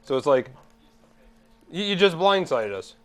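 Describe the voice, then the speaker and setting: Co-host, man, sarcastic and ranty, slightly high voice. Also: very animated, measured pace, clean tone. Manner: sarcastic, ranting. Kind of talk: casual chat.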